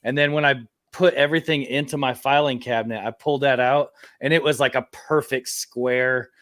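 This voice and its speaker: A man's voice: mid-range voice, fairly even intonation, a little fast, fairly bright tone, no room sound. A man in a casual group chat, telling rambling stories about his collection. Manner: rambling storyteller, laughs at own stories. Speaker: comic collector.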